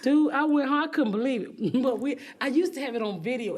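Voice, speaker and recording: A woman's voice: high-pitched, brisk. A woman comedian telling candid stories in an interview, swearing freely and laughing as she goes. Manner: animated, profane, laughs through stories, acts out voices loudly. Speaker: comedian guest.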